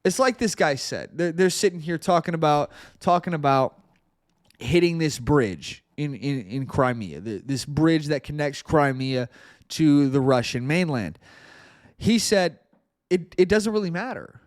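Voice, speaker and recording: A man's voice: a little high, lively intonation, a little slow, no echo. Earnest man with a dry close sound. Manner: earnest, repeats words when stressing a point. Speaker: podcast host. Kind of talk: political commentary.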